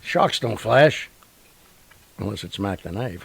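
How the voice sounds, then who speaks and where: A man hosting a show, telling stories in a rambling, animated way with lots of fillers and sound effects. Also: lowish voice, slow pace, vocal fry, pauses often, husky, rough recording. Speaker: radio show host. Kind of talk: casual storytelling monologue.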